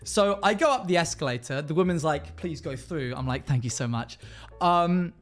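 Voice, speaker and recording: A man's voice: a little high, animated, moderate pace, faint music behind. A man streaming live, telling a story to his chat in a casual way and acting out the other people in it.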